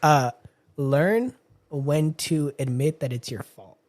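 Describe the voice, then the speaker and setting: A young man with a slightly raised pitch joins as a podcast guest. He teases his host and laughs often. The chat is relaxed and unscripted. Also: takes it slowly. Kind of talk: casual chat.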